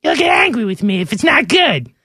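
A touchy, defensive wife comes through in a high, whining voice as a man mimics her. The pitch leaps around a lot, and the tone is bright and piercing. It is a mocking impression, set in a dry studio. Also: sing-song, brisk, husky, dry recording, full character voice. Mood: whiny.

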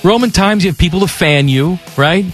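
A man's voice: high voice, a little fast, faint music behind. A man co-hosting a sports radio show, joking around and reading listener questions aloud in casual banter.

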